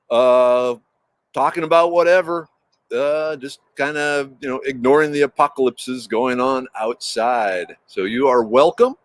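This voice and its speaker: A man's voice: medium pitch, normal speed, no room sound. Rambling man hosting a livestream. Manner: rambling, restarts often, greets chat viewers by name. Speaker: livestream host. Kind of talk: casual livestream chat.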